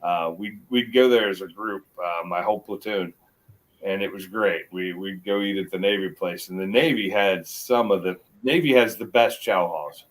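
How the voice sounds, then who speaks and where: A middle-aged man with a mixed American accent, chatting casually as a guest on a livestream and rambling with halting restarts. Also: low-pitched, low-quality recording. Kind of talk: casual chat.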